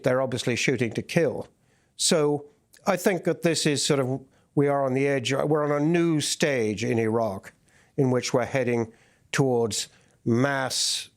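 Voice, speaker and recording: A male correspondent speaks on a news programme at a middling pitch. He explains things in a measured way and keeps stopping on ums and uhs while he gathers his thoughts. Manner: reporting in a measured way with many fillers. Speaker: foreign correspondent. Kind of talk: news interview.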